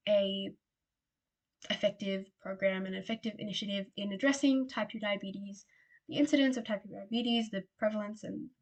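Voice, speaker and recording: Chatty young Australian woman lecturing. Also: medium pitch. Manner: chatty and rambling, many fillers and asides. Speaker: exam revision presenter. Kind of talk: casual revision lecture.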